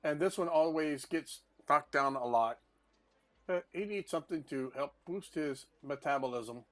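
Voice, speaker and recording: A man's voice: a little high, normal speed. A man playing a tabletop game, explaining things in a loose, rambling way. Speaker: player. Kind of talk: casual game chat.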